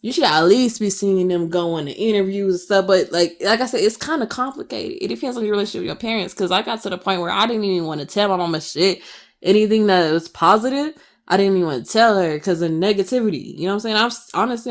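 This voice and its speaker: A woman's voice: medium pitch, animated, fast talker. A woman in her twenties ranting passionately to camera in her vlog, firing off emphatic rhetorical questions. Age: 20s. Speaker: vlogger.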